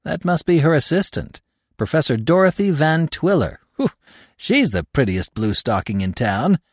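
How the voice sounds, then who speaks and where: Man reading a wry male professor, bantering, raised voice, lively ups and downs, dry close sound. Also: a little high, normal speed, slightly rough, no echo, pitched above the performer's own voice. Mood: teasing. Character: wry male professor, dryly joking colleague.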